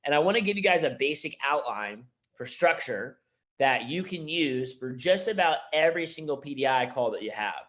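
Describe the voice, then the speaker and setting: Energetic young man coaching sales managers. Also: on the high side, moderate pace. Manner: energetic, conversational, acts out phone calls. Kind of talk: casual training talk.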